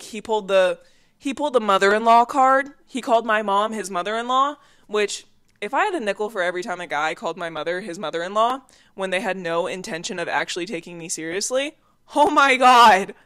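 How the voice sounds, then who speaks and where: A young woman hosts her own podcast and tells stories in a casual, animated way. Her voice is smooth and clear, at an ordinary pitch for a woman. She laughs easily as she talks. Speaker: podcast host. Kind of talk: casual storytelling.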